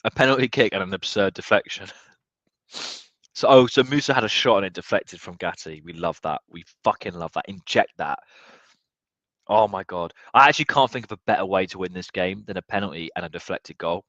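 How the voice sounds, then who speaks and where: A young man watching a football match live, tipsy, swearing and swinging from low muttering to excited yelling. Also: brisk, no room sound, dull audio. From United Kingdom. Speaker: football fan streamer.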